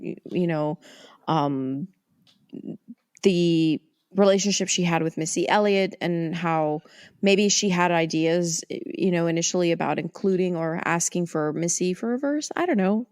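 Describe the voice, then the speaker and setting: A woman's voice: fairly low pitch, measured pace, a little mellow, no room sound, clean studio sound. A woman co-hosting a podcast, talking casually in a thoughtful, hedging way. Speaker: podcast co-host. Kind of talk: casual chat.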